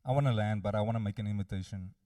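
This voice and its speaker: A man's voice: lowish voice, racing, warm tone, no room sound, studio quality, far from the mic. A man preaching a sermon, earnestly addressing his listeners directly.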